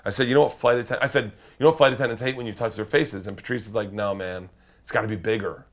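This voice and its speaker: A man, a comedian guest, telling animated profane stories and acting out the other people's voices. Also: medium pitch, rapid-fire. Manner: lively, profane, acts out voices. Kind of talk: animated storytelling.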